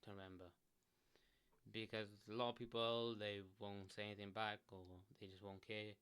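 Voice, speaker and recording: Relaxed low-voiced man rambling advice. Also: moderate pace, smooth. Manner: rambling, lots of "like", restarts, relaxed. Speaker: self-help vlogger. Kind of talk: casual solo advice talk. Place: indoors, sitting in a chair. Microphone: desk microphone.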